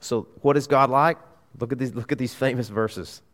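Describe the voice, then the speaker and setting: A man preaching a sermon as a pastor, earnest, swelling to emphatic peaks and dropping low. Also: moderate pace, a bit bright. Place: church sanctuary. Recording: long reverb of a hall.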